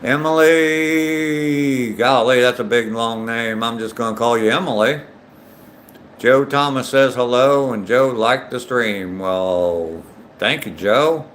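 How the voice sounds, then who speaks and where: A man's voice: medium pitch, a little slow, a bit bright, a little hiss or hum. An older man from Ohio who hosts a daily live stream, chatting casually with viewers while out on a walk and greeting them by name, with many ums. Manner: reads viewer names aloud and chats back, with many ums. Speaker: livestream host. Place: outdoors on a walk.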